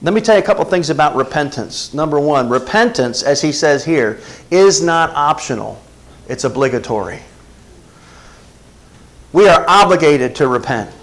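A man's voice: on the high side, animated, moderate pace, low-quality recording. A man, preaching a sermon and often checking in with his congregation. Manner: preaching with call-and-response asides to the congregation. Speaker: pastor.

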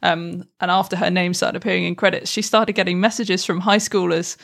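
A woman's voice: lowish voice, little pitch movement, fairly quick, gravelly, a bit bright. A woman co-host explaining science in an upbeat, chatty way. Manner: upbeat, explanatory, says "brilliant" often. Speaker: podcast co-host, science communicator. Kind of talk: casual podcast chat.

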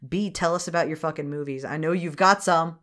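Woman, podcast co-host, casual recap, lower pitch, laughing, swearing, silly voices. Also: a little fast, fairly bright tone. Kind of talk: casual chat recapping a cartoon film.

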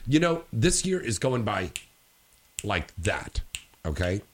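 A man's voice: on the low side, sing-song, slow, a little hiss or hum. A man hosting a casual chat show, reading news and plugs in a loose, rambling way with lots of fillers. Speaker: radio show host.

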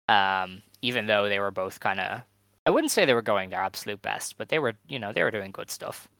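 Podcast guy going through match results, lowish bright voice, dry sound, blunt opinions. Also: clear, resonant tone, no room sound. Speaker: podcast co-host. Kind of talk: casual chat.

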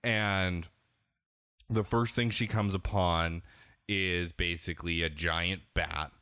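A man's voice: low voice, steady tone, slow, sharp tone, clean tone, no room sound, studio quality. A man hosting a podcast, candidly rambling through a casual game discussion and often restarting his sentences. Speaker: podcast host.

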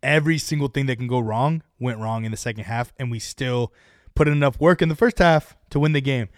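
Man, casual sports podcast chat, quick excited bursts, dry close sound. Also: medium pitch, no room sound. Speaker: podcast co-host.

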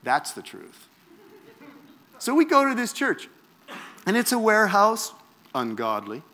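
A man's voice: sits high, unhurried. A man from Canada, preaching a personal testimony in a wry, self-mocking storytelling manner. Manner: animated, wry, self-mocking storyteller who acts out quotes.

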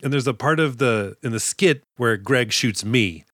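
A man's voice: medium pitch, normal speed, a bit bright, dry recording, clean studio sound. A man co-hosting a podcast, telling stories in a joking, self-deprecating way. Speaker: podcast co-host. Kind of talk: casual chat.

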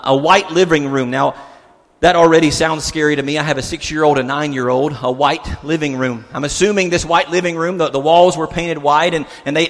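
A man's voice: fairly high pitch, fairly bright tone, long reverb tail. A man in his thirties preaching a sermon, telling a story in an earnest way with many restarts. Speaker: pastor.

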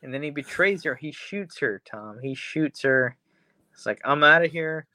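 A man's voice: mid-range voice, expressive, unhurried, pushed and bright, dry recording. A man co-hosting a casual podcast, retelling a horror episode in a rambling, crude way. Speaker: podcast co-host.

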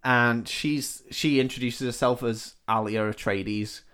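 A man's voice: mid-range voice, fairly even intonation, a little slow, fairly bright tone, smooth. A man co-hosting a comedy podcast, casually retelling a film plot with swearing and short acted-out quotes. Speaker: podcast co-host.

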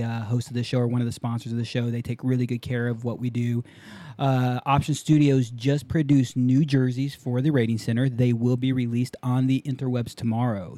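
A young man hosts a casual podcast in a loose, upbeat, rambling manner, often restarting his sentences. His voice is dark and mellow, recorded dry and close with no room sound. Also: medium pitch, dry recording. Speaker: podcast host. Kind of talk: casual talk show chat.

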